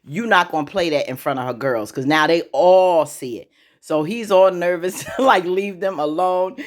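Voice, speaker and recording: Woman vlogger, casual and chatty, lowish voice, animated and slangy delivery. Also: normal speed. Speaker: vlogger recapping a TV episode. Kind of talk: casual chat.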